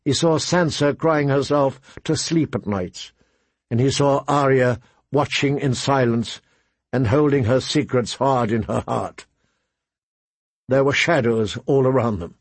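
Man, audiobook narrator, measured, husky, dry close sound. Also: medium pitch, dry recording. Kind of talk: scripted narration.

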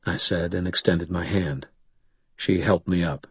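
A man narrating a first-person audiobook in a dry, gruff, matter-of-fact way. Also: sits low, fairly even intonation, a little slow, fairly bright tone, no echo.

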